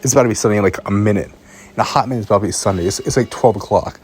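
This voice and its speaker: A man's voice: on the low side, rapid-fire, a little mellow, soft background music. A young man, a student filmmaker, telling a rambling, exasperated story in a casual vlog, often stumbling over and repeating his words. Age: young adult.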